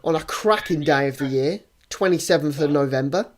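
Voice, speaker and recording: A man's voice: fairly high pitch, a little fast. Rambling young man on a podcast. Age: young adult. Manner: rambling, teasing, hesitant with many fillers. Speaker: podcast co-host. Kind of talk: casual chat.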